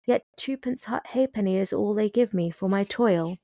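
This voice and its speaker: A woman voicing an odd, rambling old man in a storybook poem, pitched above her own voice. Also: normal speed, creaky, mellow, no echo, studio quality, lightly acted.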